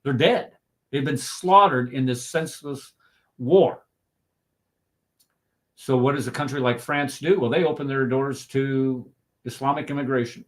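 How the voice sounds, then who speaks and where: A man in a discussion group, speaking emphatically and stacking rhetorical questions, slowing down to stress his points. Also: medium pitch. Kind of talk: impassioned discussion talk.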